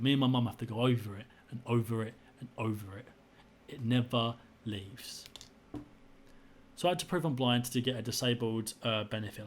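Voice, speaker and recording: A man's voice: medium pitch, slight background noise. A young man tells his own story in a frustrated, indignant way, often repeating himself. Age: young adult. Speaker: vlogger. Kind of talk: personal story to camera.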